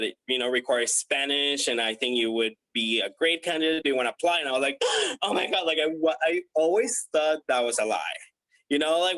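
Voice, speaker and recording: Man telling a lively story. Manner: animated, acts out quoted voices with big pitch jumps; chatty with frequent fillers. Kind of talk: casual podcast storytelling.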